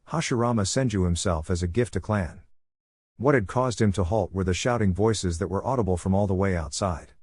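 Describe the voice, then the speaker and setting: A man narrating fan fiction aloud in a steady, even reading. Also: on the low side, dry recording, clean studio sound.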